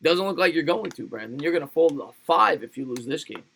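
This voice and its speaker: A man's voice: a little high, lively intonation, fast, gravelly, a bit bright, slightly rough. A man doing casual play-by-play football commentary on a livestream, chatting with viewers between plays and laughing often. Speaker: livestream sports play-by-play host. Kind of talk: play-by-play commentary mixed with live chat replies.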